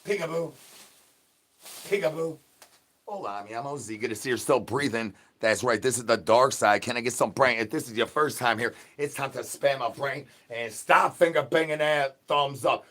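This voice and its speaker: Guy on a livestream babbling silly nonsense, repeats the same bits to chat over and over, mumbly then suddenly loud, ordinary mid-pitch voice. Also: normal speed, hardly any pauses. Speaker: livestream host. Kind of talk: absurd livestream banter.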